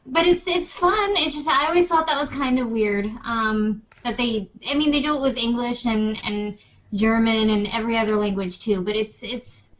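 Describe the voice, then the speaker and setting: Bubbly high-voiced woman co-host. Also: moderate pace, muffled recording. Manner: laughs often, animated mimicry. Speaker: podcast co-host. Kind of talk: casual chat.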